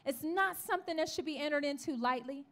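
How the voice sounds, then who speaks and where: A woman with a strikingly high voice preaches a testimony in church. She tells her story with animation, slipping into the voices of the people in it and calling out to the congregation. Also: fast talker, a bit bright. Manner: calls out to the congregation. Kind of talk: sermon testimony.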